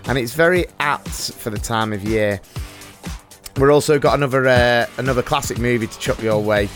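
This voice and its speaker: A man's voice: mid-range voice, moderate pace, fairly bright tone, faint music behind. A man hosting a casual podcast, joking, singing little snippets and laughing often. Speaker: podcast host.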